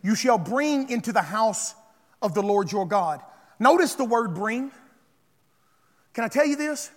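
Pastor guy preaching loud in a church hall, high bright voice, long echo. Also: lively intonation, unhurried. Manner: preaching with call-and-response, rising to shouts. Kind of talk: sermon.

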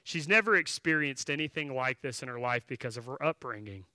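A pastor preaches a sermon, first telling a story conversationally with filler words and restarts, then appealing directly and emphatically to the congregation. His voice is medium-pitched, lively, a little fast and sharp, with no room sound.

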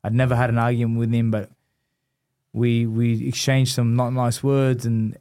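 Animated man telling a story. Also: mid-range voice, moderate pace, smooth. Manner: animated, acts out quotes. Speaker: guest, former boxing champion. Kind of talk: storytelling in a podcast interview.

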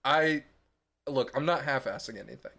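A man's voice: medium pitch, moderate pace, gravelly, sharp tone. A young adult man co-hosting a podcast, chatting casually and teasing his co-host with frequent laughter. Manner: playful, laughs often, teasing. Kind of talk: casual chat.

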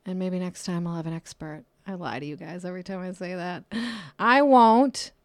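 A woman hosting her own podcast in a casual solo monologue, her voice swinging up and down with jokey asides and soft whispered moments. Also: on the low side, moderate pace, no echo. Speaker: podcast host. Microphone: close podcast microphone.

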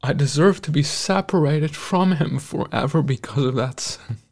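A male host giving a devotional, sermon-style talk, earnest and emotional, with frequent pauses and restarts. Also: on the high side, creaky, darkish tone. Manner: earnest, emotional, pausing often.

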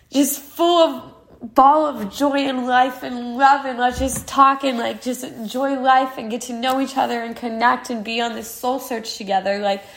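A woman in her twenties hosting a podcast, talking through her feelings in a candid, heartfelt monologue full of "like" fillers. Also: medium pitch. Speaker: podcast host. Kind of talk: casual personal monologue.

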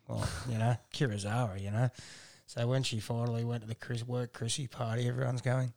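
A man's voice: medium pitch, quick pace, vocal fry, few pauses. An Australian man co-hosting a podcast, telling crude stories with lots of laughter in casual chat. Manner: laughing, crude, animated storyteller. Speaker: podcast co-host.

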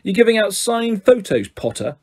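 A man's voice: a little high, lively intonation, normal speed, mellow, breathy edge. A man voicing an arrogant schoolboy bully who speaks in a scathing, sneering way.

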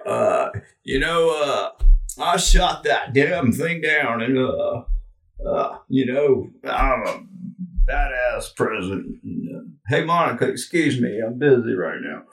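A man putting on the voice of a boastful folksy male politician, halting and full of fillers. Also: mid-range voice, lively intonation, gravelly, a bit bright, distant mic, exaggerated voice. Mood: swaggering. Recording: echoey room, away from mic.

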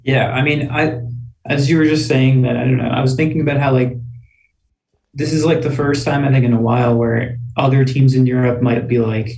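A man's voice: medium pitch, fairly even intonation, brisk, vocal fry, darkish tone, distant mic. A man co-hosting a casual sports podcast, musing loosely and leaning heavily on fillers. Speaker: podcast co-host. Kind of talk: casual chat. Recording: roomy and off-mic.

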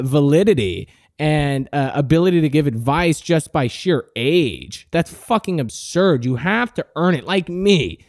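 A man's voice: high-pitched, dry recording, clean studio sound. A man in his late teens hosting a podcast, delivering a brash, profane, mock-arrogant comic rant. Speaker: podcast host. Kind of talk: comic ranting monologue.

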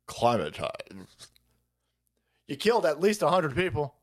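A foul-mouthed male livestream host rants with a high voice that swoops all over the place. He is sarcastic and exasperated and stacks up repeated words in quick bursts. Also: sing-song. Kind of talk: profane livestream rant.

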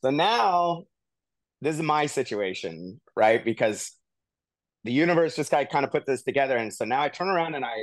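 A man co-hosting a podcast, telling a long personal story in a casual, animated way full of "like" and "you know.". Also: medium pitch, normal speed, dry recording. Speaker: podcast co-host.

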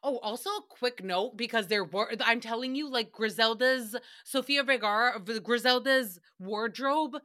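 Young woman host, slightly high and bright, gossipy, sweary casual rant. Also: normal speed, few pauses. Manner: profane, gossipy and animated. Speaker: podcast host.

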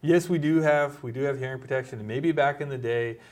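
Halting, easygoing male doctor co-host. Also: medium pitch. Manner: relaxed, halting, many fillers. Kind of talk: casual medical chat.

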